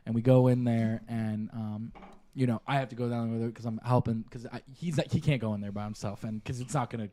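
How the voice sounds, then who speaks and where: A young man co-hosting a podcast, telling animated stories with laughs and swearing in casual chat. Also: medium pitch, brisk. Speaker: podcast co-host.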